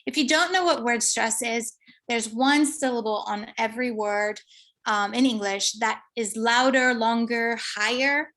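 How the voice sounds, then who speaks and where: At an academic conference, a woman researcher lays out her results step by step, often pausing and using fillers. She speaks on the higher side in a steady tone with a touch of brightness.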